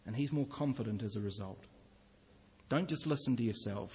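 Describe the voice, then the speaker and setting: A man's voice: lowish voice, a little fast, slightly rough. A man preaching a sermon as pastor, earnest and explanatory, often asking the congregation questions. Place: church. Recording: reverberant church hall, dull lo-fi sound.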